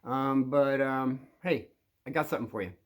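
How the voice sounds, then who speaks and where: A man's voice: medium pitch, normal speed. A man talking to the camera and giving casual advice, rambling with many fillers and restarts. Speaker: advice vlogger.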